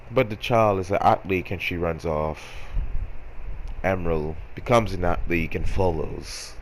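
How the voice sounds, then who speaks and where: A man's voice: sits low, a little hiss or hum, rough recording. A man telling a story in a casual, rambling way, often correcting himself and repeating phrases with wry, self-mocking humor. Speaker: storyteller vlogger.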